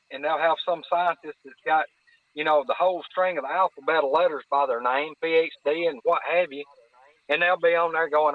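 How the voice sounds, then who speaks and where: A man's voice: a little high, no echo. A man from North Alabama with a Southern accent, a podcast guest talking in a folksy, earnest way and often repeating words as he searches for them. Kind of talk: casual chat. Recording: dry, phone-like line.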